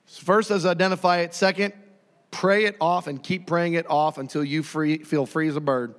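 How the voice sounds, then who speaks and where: A man preaching a sermon, animated and dramatic, often acting out voices and shouting. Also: fairly high pitch, moderate pace, long reverb tail.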